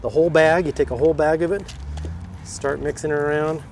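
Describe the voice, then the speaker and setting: Easygoing dad showing a tailgate recipe. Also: male voice, fairly high pitch, fairly even intonation, brisk, a little mellow, slight background noise. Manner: easygoing, laid-back explaining. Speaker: tailgate cook guest, father. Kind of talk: casual recipe demonstration. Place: outdoors at a stadium parking lot tailgate.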